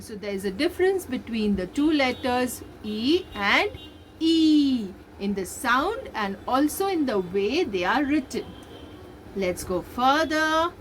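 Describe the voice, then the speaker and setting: A woman teaching young children as a nursery teacher, slowly repeating letter sounds in a sing-song way. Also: fairly high pitch, slight background noise. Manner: sing-song, slow drilled repetition of sounds. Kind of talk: recorded online lesson for young children.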